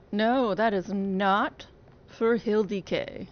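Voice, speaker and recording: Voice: mid-range voice, lively intonation, moderate pace, a little hiss or hum. A gaming streamer making casual, sarcastic, joking commentary while playing. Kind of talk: casual let's play commentary. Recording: dull audio over game music.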